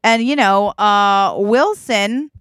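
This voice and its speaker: A woman co-hosting a podcast, improvising a silly story in a playful, laughing manner. Her voice sits at an everyday middle pitch. The sound is dry and close. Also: slow pace, fairly bright tone, clean tone, no room sound. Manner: playful, laughs often, acts out quotes. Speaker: podcast co-host.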